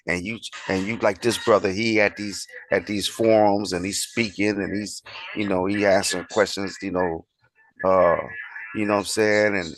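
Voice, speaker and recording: A man with a very low voice and a rough, gravelly edge talks loosely about what he has just watched. He swears casually and tags nearly every phrase with "man.". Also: a bit bright, slight background noise. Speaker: co-host reacting to a video. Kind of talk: casual reaction chat.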